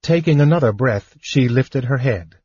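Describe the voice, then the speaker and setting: A man narrating a fantasy audiobook in a measured, even storytelling manner. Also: mid-range voice, breathy edge, dry recording, lo-fi sound.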